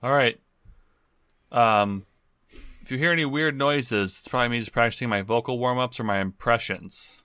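A man's voice: medium pitch, normal speed, pushed and bright, smooth, no room sound, clean studio sound. A man playing a tabletop game with a goofy, playful manner. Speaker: player. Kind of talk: tabletop role-play.

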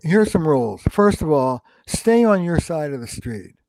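Speaking at a moderate pace in a slightly high voice, an older relationship counselor talks through his advice in a conversational podcast interview, dramatizing the lines he quotes. A little background noise can be heard.

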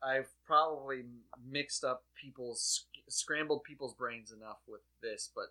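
A man co-hosting a casual comedic chat, excitable and sarcastic, acting out his own reactions. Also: mid-range voice, unhurried. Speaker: podcast co-host.

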